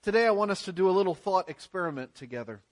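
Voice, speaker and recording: Earnest high-voiced male pastor preaching. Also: animated, racing. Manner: earnest, emphatic preaching with rhetorical questions. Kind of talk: sermon.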